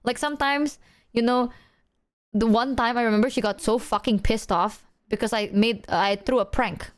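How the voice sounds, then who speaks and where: A woman's voice: fairly high pitch, steady tone, moderate pace, smooth. A young woman streaming as a VTuber, chatting casually with viewers in a rambling, slangy, self-mocking way and laughing often.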